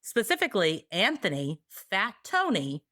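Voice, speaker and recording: A woman co-hosting a podcast, telling history in a casual, sarcastic, animated way. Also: medium pitch, measured pace, dry recording, studio quality. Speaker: podcast co-host.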